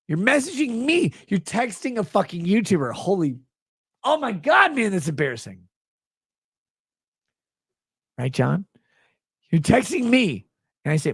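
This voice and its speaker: A man ranting scornfully on a livestream, retelling a story with mocking asides, in a husky voice. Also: high voice, very animated, a little slow, long pauses, fairly bright tone, no echo.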